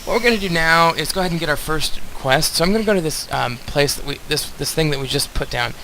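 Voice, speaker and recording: Bright-voiced chatty male gamer. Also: fairly high pitch, expressive, fast talker, a little hiss or hum, rough recording. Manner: chatty, rambling, talks straight to viewers. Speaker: let's play host. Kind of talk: casual game commentary.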